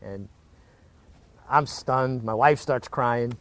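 A man's voice: medium pitch, slow. A middle-aged man, a retired jockey, recounting his career in a casual interview, earnest and prone to repeating words as he restarts.

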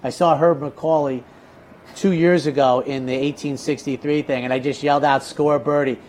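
On a laid-back racing talk show, a horse-race handicapper spins animated stories in a mid-range voice at a moderate pace. He tends to repeat words when beginning a thought, and a slight hiss or hum runs under the audio.

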